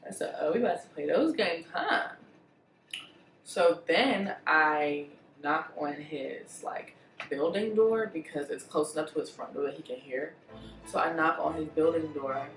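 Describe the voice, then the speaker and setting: A woman vlogger telling a storytime in a blunt, profane, animated way. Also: low-pitched, measured pace, roomy sound, recorded from a distance, faint music behind, poor audio. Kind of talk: storytime vlog.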